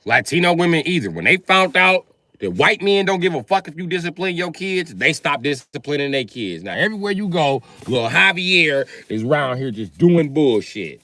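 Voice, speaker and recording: Animated, profane male comedian. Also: normal speed. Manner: profane, animated storytelling that acts out both sides of conversations; jumps to loud high shouts when acting out scenes. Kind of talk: live comedic monologue.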